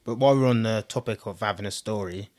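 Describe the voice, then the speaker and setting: A man hosting a podcast, asking gentle questions and backing the guest with frequent agreement. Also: on the low side, fast. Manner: supportive listener, frequent agreement.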